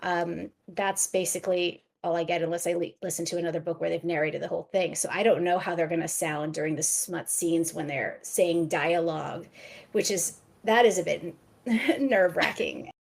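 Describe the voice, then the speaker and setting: A woman author chatting as a podcast guest, enthusiastic and quick to laugh, often restarting her sentences. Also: fairly low pitch, vocal fry. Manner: frequent restarts and stammers. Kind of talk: casual podcast chat.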